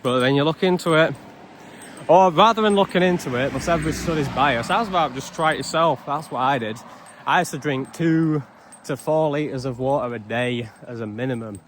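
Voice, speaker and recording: A man's voice: a little high, fairly quick, slight background noise. A young man ranting in a casual vlog, blunt and sarcastic with heavy swearing. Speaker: vlogger.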